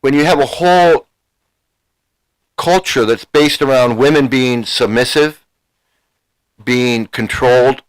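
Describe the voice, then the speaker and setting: A man's voice: mid-range voice, takes it slowly, pauses often, rough recording. A man ranting as a YouTube commentator, heated and profane, repeating himself as he confronts viewers. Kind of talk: angry rant to a live chat.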